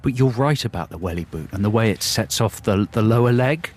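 A man's voice: lowish voice, animated, fairly quick, darkish tone. A man co-hosting a radio show at a festival, joking with dry, self-mocking humor. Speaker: radio host. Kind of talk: casual radio chat. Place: outdoor festival broadcast.

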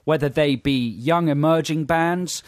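A man's voice: a little high, steady tone, measured pace, no room sound, clean studio sound. A man hosting a radio show, telling anecdotes in a hesitant, self-amused way. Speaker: radio host. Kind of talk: casual radio banter.

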